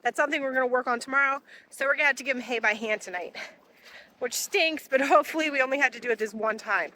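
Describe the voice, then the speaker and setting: A woman's voice: high-pitched, fast, bright, forceful tone, a little hiss or hum. A young woman vlogging on her farm, chatting casually as she works outdoors in a pasture and calling her cattle in a sing-song voice. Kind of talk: casual chat while doing farm chores.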